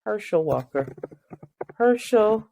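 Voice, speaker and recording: A woman co-hosting a podcast in casual chat, animated and laughing as she talks. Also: medium pitch, takes it slowly, gravelly, slight background noise. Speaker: podcast co-host.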